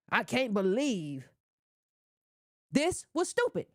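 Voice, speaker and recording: A woman with a high voice talks straight to her audience in casual commentary. She is emphatic and scolding and hammers her points home with repetition and slang. Her voice sounds dry, with no room echo. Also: sing-song, normal speed.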